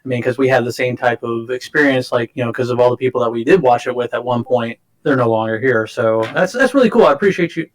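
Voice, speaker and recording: A man's voice: medium pitch, fast talker, hardly any pauses, rough recording. A man hosting a podcast, talking in a chatty, enthusiastic, rambling way. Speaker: podcast host. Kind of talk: casual chat.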